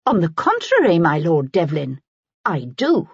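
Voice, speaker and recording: A proud, indignant young gentlewoman with a haughty, insistent delivery, as a woman narrator plays her. Her speech moves lively and husky. The recording is dry and dull. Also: on the low side, a little slow, no echo, full character voice.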